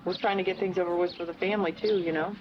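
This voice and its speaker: A woman's voice: fairly low pitch, steady tone, very fast. A woman investigator in a police interview, pressing persuasively and appealing to empathy. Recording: dull archival footage with noise.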